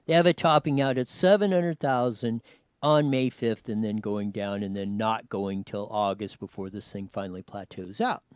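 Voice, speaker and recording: A man's voice: lowish voice, normal speed, clean tone, no room sound. A man hosting a news show, commenting on a clip and giving cues to his producer. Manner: animated, talks to his producer, many restarts.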